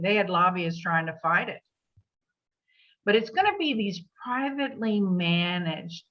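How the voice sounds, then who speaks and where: A woman giving a plainspoken legal update to real estate agents. She takes their questions, pausing with fillers and adding emphatic asides. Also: lowish voice. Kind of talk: briefing with answers to questions. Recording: dull lo-fi meeting recording.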